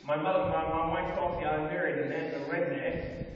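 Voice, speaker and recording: A man's voice: on the high side, steady tone, brisk, noisy background. A man giving an emphatic, repetitive preaching talk to an audience, recorded on a phone from the audience in a large hall. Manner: emphatic, repetitive, rising and falling in force. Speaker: speaker addressing an audience. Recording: dull, distant, echoey hall phone recording.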